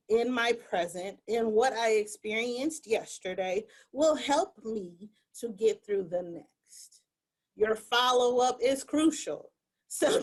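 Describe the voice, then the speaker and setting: A woman speaking earnestly and with animation as a panelist in a discussion over a video call. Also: on the high side. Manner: earnest, animated, acts out quoted voices.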